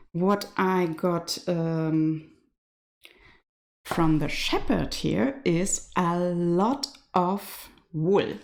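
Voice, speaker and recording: Slow, easygoing woman with German accent. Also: fairly low pitch. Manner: chatty, laughs often, reads viewer comments aloud. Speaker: knitting live stream host. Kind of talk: casual live stream chat. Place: home in rural west Ireland.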